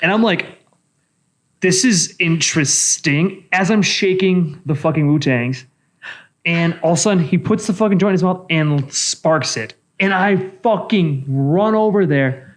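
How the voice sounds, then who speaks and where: Man, bartender, casual storytelling, lots of swearing, animated, fairly high voice. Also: moderate pace. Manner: profane, animated retelling. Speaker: bartender and podcast co-host.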